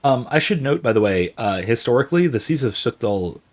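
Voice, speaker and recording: A man's voice: mid-range voice, expressive, a little fast. An American man hosting a casual gaming stream, rambling and musing with plenty of restarts and fillers. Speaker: host.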